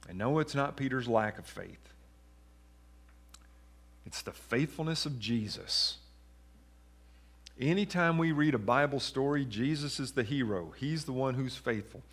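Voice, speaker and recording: A man's voice: medium pitch, animated, unhurried, long pauses, fairly bright tone, slightly rough. A man preaching a sermon in a church, reading scripture and talking through it conversationally with questions to the congregation. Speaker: pastor.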